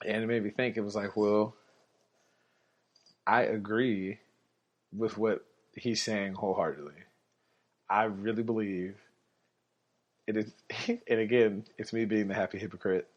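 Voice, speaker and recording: Low-voiced man telling a rambling story. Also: fairly even intonation, unhurried, pauses often. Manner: rambling, self-correcting, quotes others in his own voice. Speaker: podcast host. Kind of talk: casual storytelling monologue. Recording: dull lo-fi recording.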